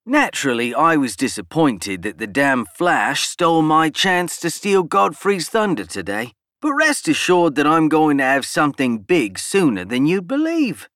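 A man's voice: sing-song, a little slow, hardly any pauses, a bit bright, dry recording, studio quality. A man doing a brash, boastful schemer. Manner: snapping, boastful, raised pitch. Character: brash arrogant male politician, scheming.

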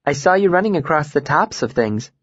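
A small, shy young woman with a whimsical, childlike lightness, as a male narrator lifts his voice to play her. She speaks softly and simply, with quiet delight, in a dry, slightly dull recording. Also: fairly high pitch, wildly swooping pitch, moderate pace, husky, no echo, voice pushed up, exaggerated voice. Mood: gentle, delighted.

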